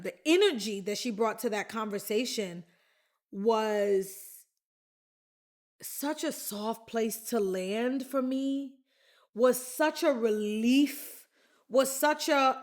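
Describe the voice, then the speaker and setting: Podcast host, woman, unhurried candid storytelling, talks right to her listeners in a slightly high voice. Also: lively intonation, fairly bright tone. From the Bronx, New York. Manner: chatty and candid, addresses listeners directly. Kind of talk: personal storytelling.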